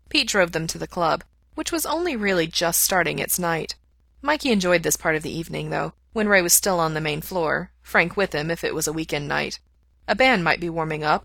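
A woman reading a story aloud in a steady, even narrating manner. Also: fairly low pitch, vocal fry, dry recording. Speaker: audiobook reader. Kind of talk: fan fiction read aloud.

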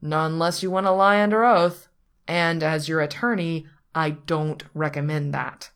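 A woman voicing a dry, long-suffering male attorney who speaks in a measured, wry way. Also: sits low, steady tone, clear, resonant tone.

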